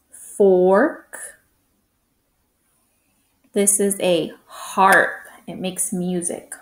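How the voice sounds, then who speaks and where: A woman teacher giving a slow phonics lesson to young children, drawing out words and sounding out letters. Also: medium pitch, roomy sound.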